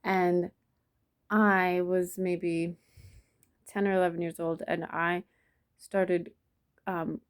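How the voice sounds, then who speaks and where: A woman telling a personal memory in a soft, reflective way, with many pauses and restarts. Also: lowish voice, level tone, clear, resonant tone. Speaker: vlogger. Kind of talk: personal storytelling to camera.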